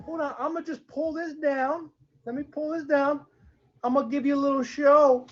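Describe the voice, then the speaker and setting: A woman's voice: sits high, steady tone, normal speed, darkish tone, muffled recording, soft background music, close to an everyday voice. A woman voicing a brash, flirty female pig in a wig in a game role-play, clingy and calling everyone daddy.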